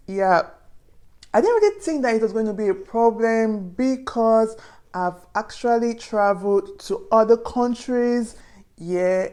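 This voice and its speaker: A young Nigerian woman with a Nigerian accent gives earnest, chatty advice to her viewers in a casual vlog. Her voice is mid-range with a darkish tone.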